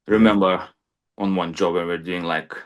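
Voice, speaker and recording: A man's voice: low voice, steady tone, moderate pace. A man who is a crane supervisor, talking in casual podcast chat, plain-spoken and peppered with "you know".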